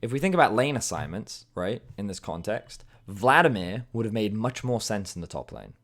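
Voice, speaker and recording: A man's voice: fairly low pitch, sing-song, fairly bright tone. A man reviewing a video game match as an esports analyst, explaining plays in a casual way. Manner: explanatory, casual, breaks into quick impressions.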